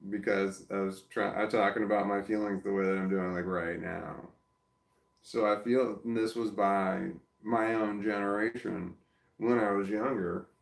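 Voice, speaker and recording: Low gravelly man, rambling and roomy. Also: fairly even intonation, measured pace. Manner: rambling, self-reflective, trailing off and restarting; soft baby-talk to his dog. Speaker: vlogger. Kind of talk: casual personal vlog. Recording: roomy echo.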